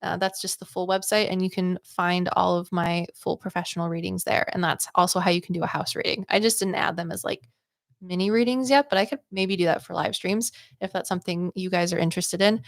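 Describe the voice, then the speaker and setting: A woman's voice: fairly low pitch, fairly even intonation, a little fast, gravelly, no echo, studio quality. A woman hosting livestream psychic readings, chatty and upbeat, rambling with lots of "like" and "um". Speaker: psychic medium host.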